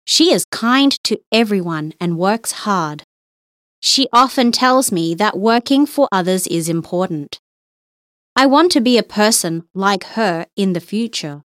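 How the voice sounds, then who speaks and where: A woman reading English listening-test passages slowly and with careful enunciation. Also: medium pitch, lively intonation, a bit bright, no room sound, clean studio sound. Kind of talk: scripted exam reading.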